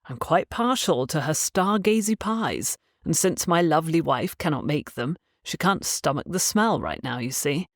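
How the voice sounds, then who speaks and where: A woman's voice: sits low, lively intonation, normal speed, few pauses, dry recording, clean studio sound. A woman playing a proper, courteous male doctor. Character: kind, proper gentleman physician.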